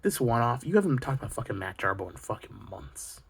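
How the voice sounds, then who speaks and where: A man's voice: lowish voice, sing-song, fairly quick, creaky, slightly rough. A man delivering a heated, preachy monologue as a video creator, swearing constantly. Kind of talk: profane ranting monologue.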